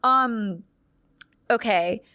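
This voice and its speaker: A woman's voice: a little high, drawn-out words, sharp tone, smooth, no room sound, clean studio sound. A woman co-hosting a podcast, chatting in a giggly, rambling way. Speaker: podcast co-host. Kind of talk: casual chat.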